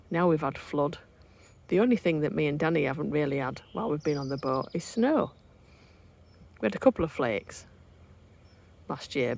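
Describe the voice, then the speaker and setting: A woman's voice: sits low, a little mellow. A woman chatting casually to camera as a vlogger on a canal boat, teasing and laughing often. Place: on and beside a canal narrowboat, outdoors. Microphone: phone camera.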